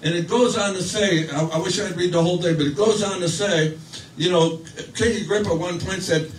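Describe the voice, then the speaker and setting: A man's voice: high voice, fairly even intonation, a little fast, echoey room, recorded from a distance, a little hiss or hum, low-quality recording. A man preaching a sermon, telling a story in a conversational way with restarts and fillers, acting out quoted voices. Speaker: pastor.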